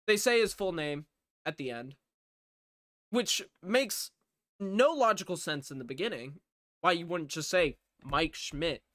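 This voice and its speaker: A man's voice: high-pitched, fairly bright tone, no room sound, clean studio sound. A man recapping a movie in a casual, rambling way, sarcastic and swearing freely. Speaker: movie reviewer.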